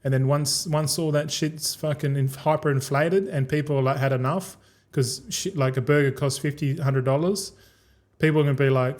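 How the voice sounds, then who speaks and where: A man's voice: medium pitch, fairly even intonation, moderate pace, a little mellow. A young man streaming a game, rambling and ranting casually with lots of swearing. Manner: rambling, profane, fired-up ranting.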